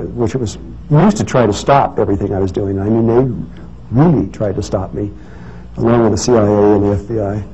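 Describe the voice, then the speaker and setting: A man's voice: mid-range voice, dark tone. A man telling a story in a casual talk, rambling with many restarts and fillers. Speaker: speaker giving a talk. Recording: dull lo-fi recording with faint noise.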